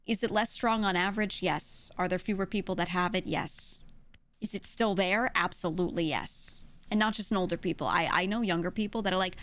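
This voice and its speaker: A woman's voice: lowish voice, fairly quick, a bit bright. A young woman, explaining in casual chat, emphatic and full of filler words. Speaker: streamer.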